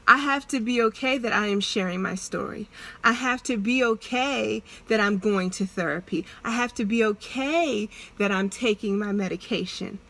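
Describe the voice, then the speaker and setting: A young adult woman talking to her vlog audience in an earnest, halting way, restarting and repeating herself as she opens up. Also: medium pitch, a bit bright. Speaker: vlogger. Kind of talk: emotional personal vlog confession.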